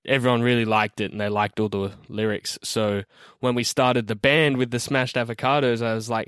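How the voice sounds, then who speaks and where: A man with an Australian accent, a band member talking in a relaxed, rambling way about his song. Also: mid-range voice, normal speed, smooth, no room sound, studio quality. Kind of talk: recorded message about a song.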